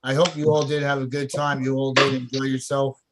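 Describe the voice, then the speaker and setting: A man's voice: mid-range voice, level tone, brisk, very noisy. A man chatting casually on a group video call, folksy and rambling, who often restarts his sentences. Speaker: contest organizer.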